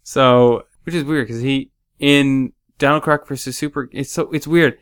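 A man's voice: medium pitch, fairly even intonation, normal speed, smooth. A man co-hosting a casual movie-review podcast, chatting in an easygoing way. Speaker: podcast co-host.

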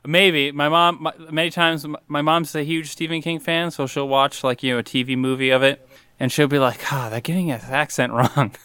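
A man co-hosts a casual podcast chat in a smooth, resonant voice. He rambles with many "like" fillers, recorded dry and close. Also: a little high, fairly even intonation, fairly quick, sharp tone, dry recording. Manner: rambling, lots of "like", laughs often. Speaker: podcast co-host.

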